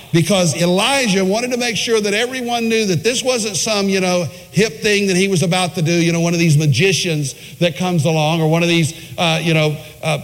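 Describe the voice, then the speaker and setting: A male preacher delivering a sermon, retelling a story with emphatic phrasing and dramatic pauses. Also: high-pitched. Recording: long hall reverb.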